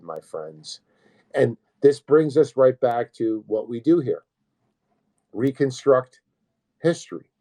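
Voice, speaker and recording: A man's voice: mid-range voice, mellow. A man hosting an online commentary show, talking casually, swearing often and throwing rhetorical questions at his listeners. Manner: profane, agitated, rhetorical questions to the audience. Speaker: host.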